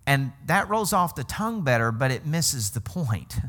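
Chatty pastor preaching, checks in often. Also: male voice, mid-range voice, sing-song, normal speed, a bit bright. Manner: conversational, keeps checking in with "okay?"; laughs often while teaching. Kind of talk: sermon.

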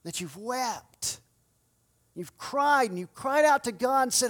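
Male pastor, fervent sermon delivery, swings from hushed to loud. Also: very high-pitched, lively intonation, slow pace. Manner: impassioned preaching, swinging from loud cries to hushed pleading.

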